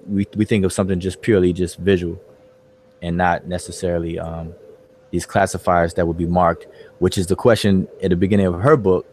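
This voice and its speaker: A man's voice: sits low, a little mellow, slight background noise. A man hosting an online study group, talking in a loose, casual way and repeating words with lots of fillers. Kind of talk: casual discussion.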